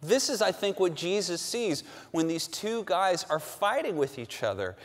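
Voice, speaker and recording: High-voiced pastor preaching in a reverberant hall. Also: male voice, sing-song, unhurried. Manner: emphatic, repeats phrases with rising force. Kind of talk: sermon. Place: large church sanctuary.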